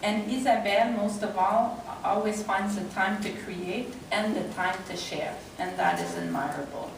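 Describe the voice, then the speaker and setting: A woman's voice: mid-range voice, moderate pace. Woman presenting an award, choked up and giggly, recorded from far off with background noise. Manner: emotional, laughing, near tears. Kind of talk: reading a tribute speech. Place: large convention hall. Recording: echoey hall, distant mic, noisy.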